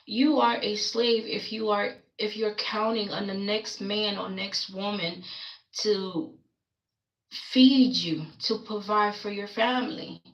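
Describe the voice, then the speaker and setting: A woman's voice: medium pitch, takes it slowly, reverberant, muffled recording. A woman livestreaming, talking casually and rambling through a story, quoting people along the way. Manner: rambling, animated storytelling with quoted voices.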